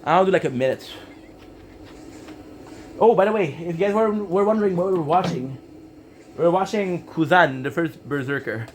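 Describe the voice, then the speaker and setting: A man's voice: fairly high pitch, lively intonation, normal speed, pauses often, slight background noise, rough recording. A man live-streaming on a walk, chatting casually with his viewers, greeting them by name and swearing freely.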